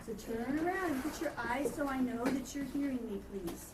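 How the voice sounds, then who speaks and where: A woman teaches a first grade class in a high-pitched voice with lively intonation, talking a little fast. She patiently asks questions and repeats answers back, recorded far from the mic in a noisy elementary classroom.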